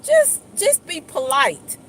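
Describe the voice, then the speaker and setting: Woman vlogger, animated pitch, casual car chat over faint road hum. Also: takes it slowly, poor audio. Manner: chatty, animated, acts out other people's voices. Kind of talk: casual chat while driving. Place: inside a moving car.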